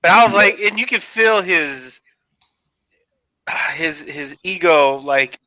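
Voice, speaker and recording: A man's voice: fairly high pitch, takes it slowly, long pauses, dry recording. A man telling a road story in casual chat, swearing a lot and acting out his frustration. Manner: animated storytelling, heavy swearing.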